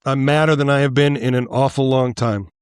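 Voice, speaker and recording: A man hosting a political podcast alone, ranting angrily with swearing and frequent halting restarts. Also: medium pitch, fairly even intonation, clear, resonant tone, dry recording, studio quality. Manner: angry, profane, halting with repeated restarts. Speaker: podcast host. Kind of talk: solo political rant.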